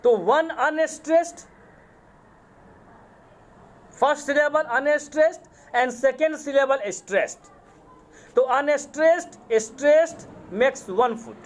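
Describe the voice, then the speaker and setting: A man with an Indian accent, a college English lecturer giving a lecture, speaking deliberately, repeating terms and spelling words out letter by letter. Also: extremely high pitch. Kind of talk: classroom lecture on poetic meter.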